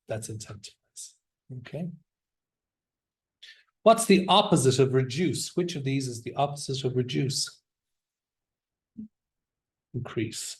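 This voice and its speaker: Slow-paced male English teacher. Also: medium pitch, lively intonation. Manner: encouraging, drills words aloud with students. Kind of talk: classroom vocabulary lesson.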